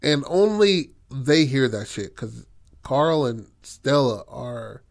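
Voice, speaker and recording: A man in a casual chat, laying out film ideas in a halting, slang-filled way with lots of fillers. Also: mid-range voice, animated, creaky. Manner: halting, slangy, full of "like" and "you know what I mean". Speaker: co-writer planning a film.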